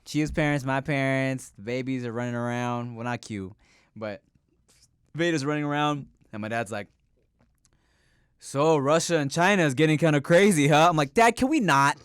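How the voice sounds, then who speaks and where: A man's voice: on the high side, normal speed, fairly bright tone, clear, resonant tone, no room sound, clean studio sound. A man in his thirties co-hosting a casual podcast, laughing often and mimicking his parents. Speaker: podcast co-host.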